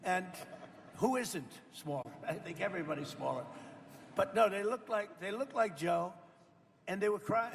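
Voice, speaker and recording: Older man, gravelly, rambling and boastful. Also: a little high, moderate pace, long reverb tail. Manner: rambling, boastful, chatty asides to the audience. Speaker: president speaking at a farmers' roundtable. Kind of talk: off-the-cuff political speech. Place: indoor roundtable event.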